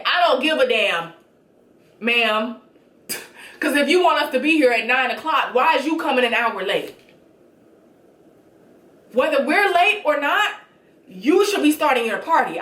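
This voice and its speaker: Sassy high-voiced woman recapping TV. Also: roomy sound. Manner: sassy, blunt, animated. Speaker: reality TV recap host. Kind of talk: casual reality show recap.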